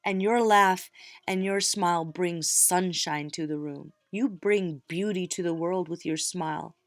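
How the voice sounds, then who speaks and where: A woman's voice: fairly low pitch, a little slow, no room sound, clean studio sound, soft background music. A middle-aged woman reading tarot cards, talking casually and encouragingly straight to her viewers. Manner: warm encouraging pep talk, direct address. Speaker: tarot reader.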